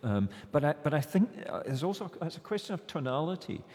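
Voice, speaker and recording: A man speaking as a guest scholar in a discussion, thoughtful and halting, with frequent restarts. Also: on the high side, very animated, a little mellow, slightly rough, long reverb tail.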